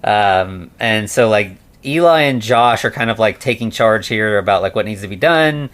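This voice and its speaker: A man's voice: on the low side, animated, normal speed, a bit bright, smooth. A man co-hosting a podcast, casually retelling a film's plot in a rambling way full of "um" and "like". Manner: rambling retelling with many ums and likes. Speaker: podcast co-host. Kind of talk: casual film-review chat.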